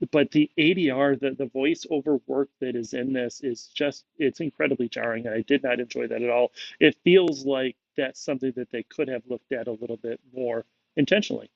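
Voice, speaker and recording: A man's voice: medium pitch, creaky, no echo, highs cut off. A man giving a casual, conversational movie reaction, musing aloud with frequent fillers. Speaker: movie reviewer.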